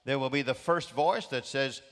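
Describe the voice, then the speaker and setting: A man's voice: medium pitch, moderate pace. Male guest preacher, emphatic sermon delivery, repeats lines, big-hall reverb. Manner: emphatic, repeats key phrases. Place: large church auditorium. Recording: long reverb of a large hall.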